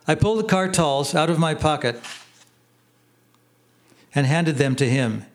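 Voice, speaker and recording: A man narrates his own memoir for an audiobook, telling his story plainly and without hurry. His voice is on the high side.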